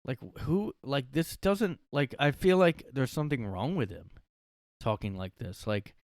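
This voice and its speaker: Rambling man, smooth dry low voice. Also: animated, measured pace, a little mellow, dry recording. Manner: rambling with many fillers. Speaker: podcast host. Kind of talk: casual solo podcast.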